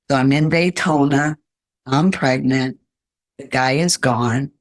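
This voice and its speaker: A woman's voice: extremely low pitch, steady tone, unhurried, no room sound, clean studio sound. Older woman telling her life story. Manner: earnest, emotional storytelling. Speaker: podcast guest.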